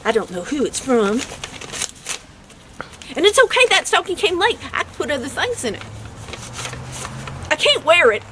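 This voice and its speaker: Squeaky, bubbly woman hosting a show. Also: very animated, normal speed, pauses often, pushed and bright, a little hiss or hum. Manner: gushing and childlike, squeals with delight. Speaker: web show host. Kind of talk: bubbly comedic chat to camera.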